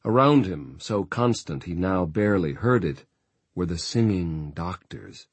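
A male narrator reads a novel in a steady, measured way. His voice sits very low and carries a husky grain. The sound is close and dry, as from a booth. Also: no room sound. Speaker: audiobook narrator. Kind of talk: scripted narration.

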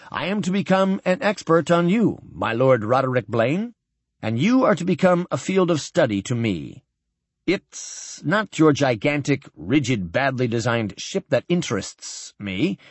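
A man voicing a curious female alien guide who speaks slowly, with careful enunciation. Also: on the high side, slightly rough, dry recording, heavily acted.

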